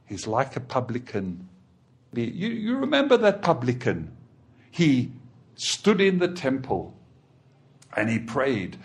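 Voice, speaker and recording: A man preaching a sermon, emphatic and repeating phrases, swinging from loud declarations to hushed tones. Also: medium pitch, sing-song, slow pace.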